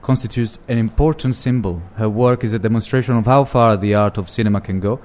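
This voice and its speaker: A man doing a mock 1960s radio announcer voice, reading a formal award citation in a solemn, measured way. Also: lowish voice, darkish tone, natural voice.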